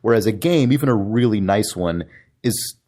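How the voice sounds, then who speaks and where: A man's voice: lowish voice, expressive, normal speed, darkish tone. A man co-hosting a casual podcast chat, explaining his view step by step and hedging as he thinks aloud. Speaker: podcast co-host.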